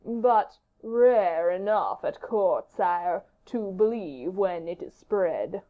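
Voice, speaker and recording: Woman playing a smooth male courtier, slow and fawning, storybook reading, dull lo-fi sound. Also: on the low side, animated. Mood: deferential. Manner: slow, measured, deferential. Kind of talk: audiobook character reading. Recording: dull lo-fi audiobook recording.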